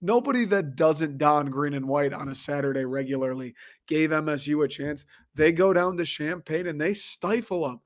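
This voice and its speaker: A young man from Michigan, hoarse and a little raspy, ranting profanely and excitably as he hosts a casual sports talk show. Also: on the high side, normal speed. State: hoarse after a concert. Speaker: sports podcast host.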